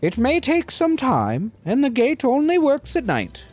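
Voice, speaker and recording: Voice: sits high, huge pitch swings, a little mellow, faint music behind, pitched above the performer's own voice, full character voice. A player putting on a solemn old goblin councilor. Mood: grave. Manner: slow, solemn, formal speech with odd chuckles. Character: elderly male goblin ex-councilor, formal and grave. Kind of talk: reading game dialogue aloud in voices.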